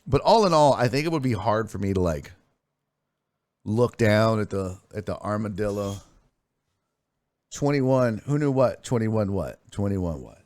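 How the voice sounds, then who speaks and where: A man hosts a sports stream in a loose, casual chat, telling stories and reading viewer messages out loud. His delivery is animated, with a pitch that swings up and down a lot. He is recorded close and dry, with almost no room sound. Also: a little slow, long pauses, dry recording. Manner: animated, reads chat messages aloud and swears freely. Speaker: sports streaming show host.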